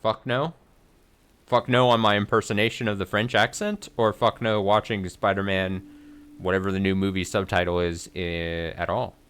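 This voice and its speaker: A man's voice: fairly low pitch, flat delivery, moderate pace, a bit bright, smooth. A man giving casual let's play commentary, with wry, muttering, self-mocking asides as he plays.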